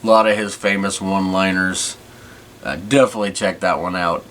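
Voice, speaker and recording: Man, podcast host, fairly low voice, casual rambling chat. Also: steady tone, a little fast, fairly bright tone, slight background noise. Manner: rambling, many restarts.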